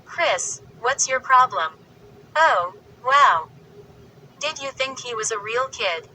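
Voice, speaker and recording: A woman's voice: a little high, lively intonation, slow pace, pushed and bright, a little hiss or hum, heavily acted, rough recording. A woman voicing a mischievous girl in a gleeful, teasing manner for an audiobook. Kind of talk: audiobook reading.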